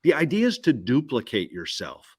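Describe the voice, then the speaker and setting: A man giving an energetic business pitch at a roundtable, punchy and repetitive, firing questions at the listener. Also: normal speed, breathy edge. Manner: punchy, repeats key phrases, asks listener questions. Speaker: guest speaker.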